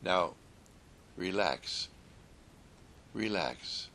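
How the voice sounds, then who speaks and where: A man telling a story in a gentle, soothing sermon style, repeating calm affirmations. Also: on the low side, a little slow, vocal fry.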